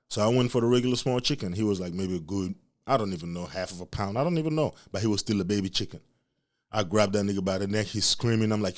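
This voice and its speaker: A young man from Africa, hosting a podcast and telling a comic, profane story in an animated way. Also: on the low side, fast talker. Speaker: podcast host. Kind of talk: storytelling rant.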